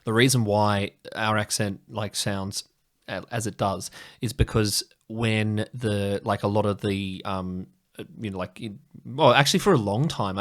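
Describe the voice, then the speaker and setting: An Australian man from Sydney, talking as a podcast guest who wanders through his theories and hedges with plenty of fillers. His voice sits a little lower than average. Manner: rambling, hedging, many fillers. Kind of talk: casual chat.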